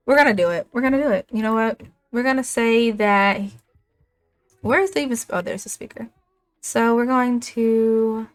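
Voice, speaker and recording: A young adult woman chatting casually as she narrates a life-sim game story, animated and quick to laugh. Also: on the high side. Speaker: gaming YouTuber.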